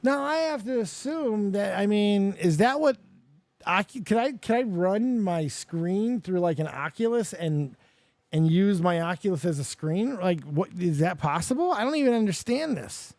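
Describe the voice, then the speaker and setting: A high-pitched young man hosting a live show. He tells stories animatedly and profanely, and he gets himself worked up as he talks. The sound is dry and close, with no room echo at all. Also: moderate pace, soft background music. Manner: animated, profane, getting worked up while telling the story. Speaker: show host. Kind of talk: storytelling and reacting on a live show.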